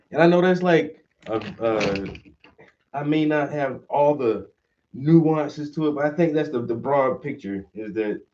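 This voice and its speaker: A stream host with a mid-range, slightly mellow male voice goes on a casual, profane rant, acting out quoted voices along the way. The audio is dull, the mic sits at a distance, and there's slight background noise.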